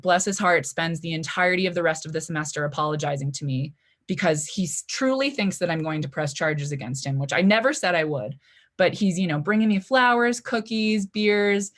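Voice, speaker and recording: A woman in her twenties telling a personal story at a live story slam, chatty, with lots of "like" and "you know" fillers. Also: on the low side. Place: library event stage before an audience.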